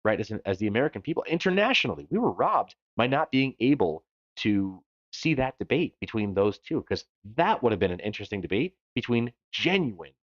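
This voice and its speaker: A man's voice: fairly low pitch, no echo, dull audio. A man co-hosting a live stream, chatting casually and joking as he reads viewer comments aloud. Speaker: livestream co-host.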